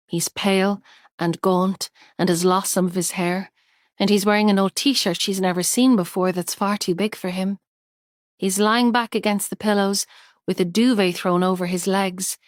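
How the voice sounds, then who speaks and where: A woman narrating a thriller audiobook in a measured, tense way. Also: mid-range voice, no room sound, studio quality. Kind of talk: scripted narration.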